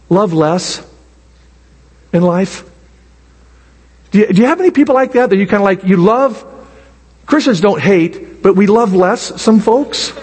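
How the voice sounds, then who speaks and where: A man preaching a sermon to students, animated and emphatic, stretching out key words and acting out little scenes. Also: sits high, breathy edge. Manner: animated, drawn-out emphatic preaching with acted asides. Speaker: pastor. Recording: long hall reverb.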